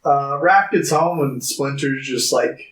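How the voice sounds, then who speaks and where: A man's voice: mid-range voice, takes it slowly, fairly bright tone. A man co-hosting a podcast, casually retelling movie scenes and mimicking the characters' lines. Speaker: podcast co-host. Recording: echoey room, off-mic.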